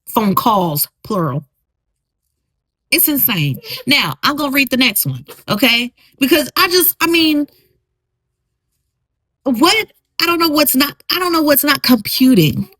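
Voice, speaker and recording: Woman, podcast host, blunt and emphatic, bright fairly high voice. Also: animated, unhurried, pauses often, no echo, poor audio. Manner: blunt and emphatic, reacting to posts she reads aloud. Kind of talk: solo podcast commentary.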